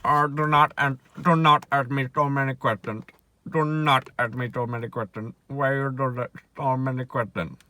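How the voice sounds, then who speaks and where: A man's voice: medium pitch, fairly even intonation, normal speed, sharp tone, natural voice. A man putting on a curt, irritable night guard. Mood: irritated. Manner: terse, broken phrasing, annoyed.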